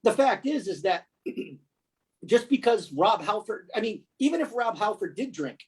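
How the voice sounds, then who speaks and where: A man co-hosting a casual podcast, talking in a rambling, halting way with many restarts. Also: high voice, sing-song, a little mellow, breathy edge, poor audio. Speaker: podcast co-host. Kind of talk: casual chat.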